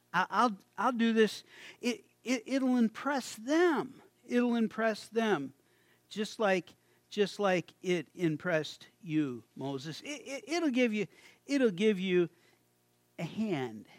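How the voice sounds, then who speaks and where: A man preaching in a loose, storytelling way, his voice sitting high for a man. He talks unhurriedly, stumbling and restarting as he acts out little bits of dialogue. The sound is close and dry, with no room around it. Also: no echo. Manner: halting, chatty, many restarts, acts out voices with a chuckle. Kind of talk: informal sermon.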